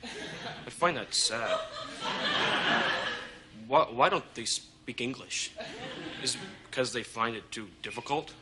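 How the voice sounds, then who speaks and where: An actor playing a smug, deadpan, ignorant male tourist doing a stand-up monologue. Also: medium pitch, slow pace, long pauses, a crowd in the background, close to an everyday voice.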